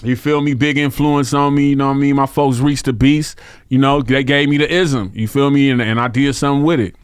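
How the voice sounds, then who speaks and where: A man's voice: mid-range voice, fairly even intonation, a little fast, clear, resonant tone, no echo, studio quality. A middle-aged man from Vallejo, California, a rapper guest telling stories in a laid-back, streetwise way, peppered with "you feel me.". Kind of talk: casual interview storytelling.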